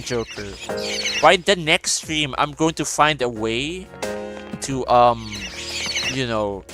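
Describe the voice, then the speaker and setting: A man hosting a casual gaming stream, ranting profanely and emphatically while losing his voice. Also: medium pitch. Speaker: streamer host.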